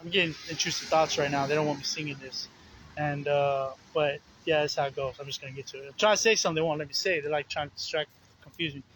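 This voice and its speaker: A man's voice: fairly high pitch, fairly even intonation, fast, fairly bright tone, a little hiss or hum, rough recording. A man preaching informally outdoors, rambling and earnest, with many fillers. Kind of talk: informal sermon. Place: outdoors on the streets.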